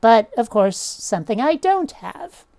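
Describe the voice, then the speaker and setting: A woman's voice: fairly high pitch, very animated, unhurried, creaky, dark tone. Chatty woman with a faint Vermont accent. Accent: mostly general American with a faint Vermont trace. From Vermont, USA. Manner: chatty and self-mocking, swears offhandedly. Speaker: YouTuber. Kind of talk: casual to-camera chat. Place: at home with cats on her lap.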